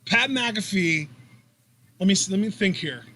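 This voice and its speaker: A young man co-hosting a live wrestling reaction stream who talks with excitement, laughs often and swears casually. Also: sits high, measured pace.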